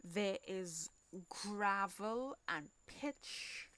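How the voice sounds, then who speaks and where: A woman with a Trinidadian accent hosting a podcast, telling a personal story in a halting way, repeating words, swearing and sometimes dropping almost to a whisper. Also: medium pitch, expressive, a bit bright, smooth. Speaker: podcast host.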